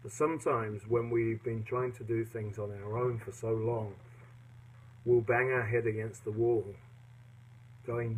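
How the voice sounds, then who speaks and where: A man giving a personal devotional talk to listeners in a gentle, earnest and reflective manner. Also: mid-range voice, steady tone, measured pace, rough recording. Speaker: devotional podcaster.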